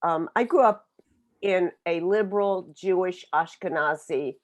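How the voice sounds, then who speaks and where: A woman in her seventies from Oklahoma, telling her life story as a book author on a webinar in an earnest, reflective way, pausing and restarting often. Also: on the low side, muffled recording. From Oklahoma, USA. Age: 70s. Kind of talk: personal storytelling. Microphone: video call.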